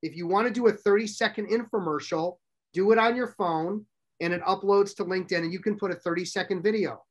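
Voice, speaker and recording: A middle-aged man with a high-pitched voice presents a workshop to a live audience. He's brisk and direct, often putting questions to the crowd.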